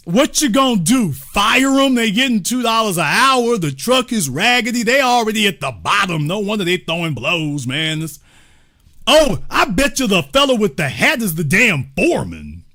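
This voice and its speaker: A man hosting a show, giving casual, joking commentary on a video and talking straight to his viewers. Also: high-pitched. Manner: animated, joking, talks to viewers as y'all. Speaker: host.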